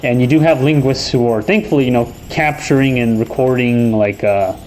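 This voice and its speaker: A man's voice: medium pitch, moderate pace, a little mellow, a little hiss or hum, poor audio. Rambling, cussing young man. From New York, USA. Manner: rambling, profane, self-correcting. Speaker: host. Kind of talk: casual gaming chat. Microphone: desk microphone.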